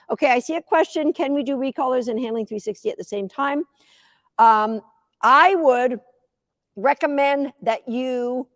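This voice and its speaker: A woman in her fifties, a dog agility coach giving a live teaching demo, chatty and energetic, cheering the dog on. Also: fairly high pitch, dry recording, clean studio sound.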